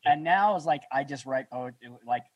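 A man hosting a podcast, relaxed and casual, chuckling between phrases. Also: medium pitch, normal speed, no echo, lo-fi sound. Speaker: podcast host. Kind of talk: casual interview chat.

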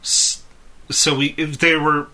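A man's voice: a little high, flat delivery, takes it slowly, bright, forceful tone. A man in his thirties, a podcast co-host, telling a long rambling story in casual chat and chuckling often.

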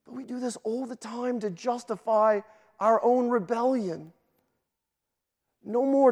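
A man delivers a sermon in a high-pitched voice, pressing his points with emphatic force and stuttered restarts. His words ring out with a long reverb, as if in a large church hall. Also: a little slow, warm tone. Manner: emphatic preaching, repeats words when starting sentences. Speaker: guest pastor.

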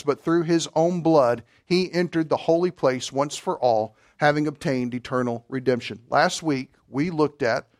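A male pastor preaching a sermon, animated and joking with his congregation as he reads scripture. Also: on the high side, dry recording, clean studio sound.

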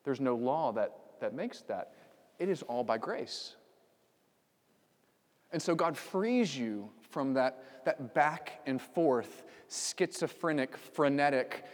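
A man's voice: medium pitch, animated, slow pace, big-room sound. A man preaching a sermon as pastor, conversational with frequent fillers and sudden emphatic outbursts. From United States. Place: church sanctuary.

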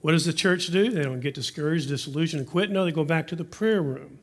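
A man, preaching a sermon as pastor, earnest and hushed when he prays. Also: fairly high pitch, quick pace.

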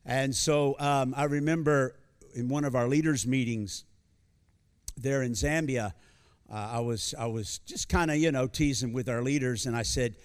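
A man's voice: mid-range voice, moderate pace, smooth. An American man in his sixties, a visiting pastor giving a live sermon to a congregation, talking in a folksy, joking way with many fillers and restarts. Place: church before a congregation.

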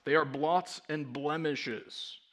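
Higher-voiced man preaching emphatically. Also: steady tone, slow. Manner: emphatic preaching with rhetorical questions. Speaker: pastor. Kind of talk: sermon.

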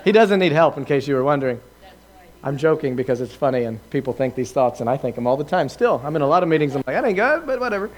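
A man preaching a lively testimony, telling his story with laughs and acted-out quotes to a live audience. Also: medium pitch, fast talker. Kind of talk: sermon testimony.

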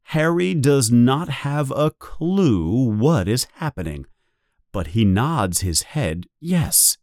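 Slow, lively-voiced man reading a story. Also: medium pitch, dry recording, studio quality. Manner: slow, even, clear read for learners. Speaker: narrator.

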